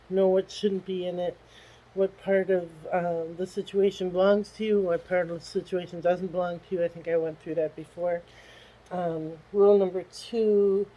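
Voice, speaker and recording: A tearful middle-aged woman talking haltingly through a personal video diary, with many pauses and restarts. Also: on the low side, warm tone, lo-fi sound. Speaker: vlogger.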